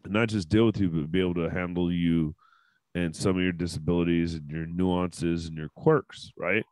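A man's voice: low-pitched, steady tone, normal speed, darkish tone, dry recording, rough recording. A man hosting a casual panel podcast, talking candidly and emotionally with frequent swearing. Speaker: podcast host.

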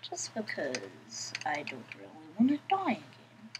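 A woman's voice: low-pitched, huge pitch swings, measured pace, background noise. A woman giving casual let's-play commentary, chatting to herself in a playful, giggly way. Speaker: gameplay commentator.

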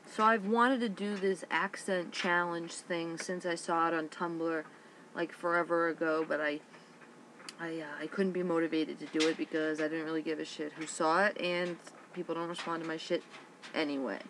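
A woman's voice: on the low side, fairly even intonation, normal speed, noisy background. A young woman from Massachusetts with a Boston accent, vlogging casually and bluntly with plenty of ums and offhand swearing. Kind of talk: casual webcam vlog, reading a word list aloud.

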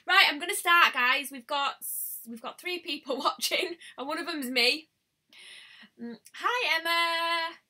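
A woman's voice: high-pitched, normal speed, hardly any pauses, bright, forceful tone. A woman chatting bubbly on a live stream, greeting viewers by name, recorded on a webcam at home. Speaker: beauty vlogger. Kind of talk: live-stream casual chat.

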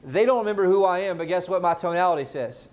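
Guy running a sales training in front of a room, fairly high voice, punchy, keeps quizzing people. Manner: energetic, quizzes the audience, rapid questions. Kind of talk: live sales training talk. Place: training room with a live audience.

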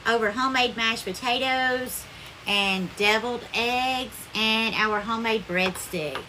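A woman's voice: a little high, unhurried, sharp tone, a little hiss or hum. Bubbly Southern woman hosting a cooking stream. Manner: effusive, calls viewers darling, thanks them by name. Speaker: live cooking stream host. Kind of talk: casual live-stream chat and cooking demo.

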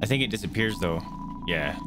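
A man's voice: lowish voice, lively intonation, brisk. Chatty man streaming a game. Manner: chatty, reacting aloud to the game. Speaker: gaming streamer. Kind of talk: casual let's-play commentary. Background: faint game music.

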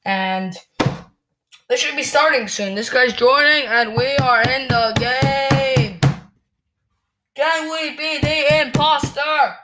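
A woman gamer giving angry, cursing commentary while she plays, ranting and shouting at other players. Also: high voice, slow pace, slight background noise.

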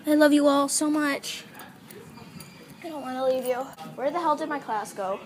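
A woman's voice: high voice, normal speed, soft background music. A woman vlogging on a farm visit, cooing in doting baby talk to the lambs. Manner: gushing, doting, affectionate. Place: outdoors on a farm.

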